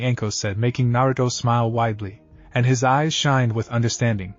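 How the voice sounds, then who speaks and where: A man narrating a scripted fan-fiction story in an even, read-aloud manner. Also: medium pitch, brisk, lo-fi sound, faint music behind.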